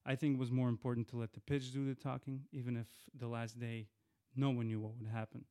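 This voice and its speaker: A man in the host's chair of his own podcast, talking casually and a little rambling, stumbling and restarting as he goes. His voice is smooth and clear, sitting at an ordinary middle pitch for a man. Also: little pitch movement, fast, dark tone. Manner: chatty, rambling with frequent restarts. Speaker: podcast host. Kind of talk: casual solo podcast intro.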